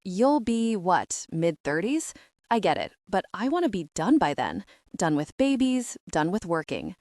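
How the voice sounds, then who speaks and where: Narrator as blunt young friend, wry and quick with a joke, dry close read. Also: female voice, fairly low pitch, sing-song, a little mellow, no room sound. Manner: wry, joking.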